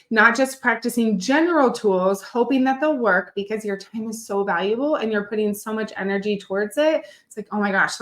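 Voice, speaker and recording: A woman's voice: medium pitch, a bit bright, roomy sound. A young woman nutrition coach teaching a live online masterclass, upbeat and encouraging, often checking in with her listeners.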